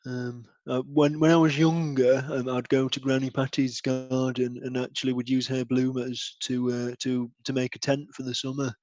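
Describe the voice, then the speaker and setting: A man's voice: mid-range voice, flat delivery, normal speed, few pauses, darkish tone, dry recording. A man playing a timid radio host in an improvised comedy sketch, hesitant and full of ums. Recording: dull, dry lo-fi audio.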